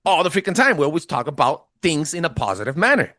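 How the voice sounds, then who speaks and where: Male podcast host with a thick accent, emphatic and lively, pitch on the high side, dry close sound. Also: fast talker, no room sound. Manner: animated and emphatic, with stumbles and restarts; says he has a thick accent. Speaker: podcast host giving a presentation. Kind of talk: casual podcast presentation.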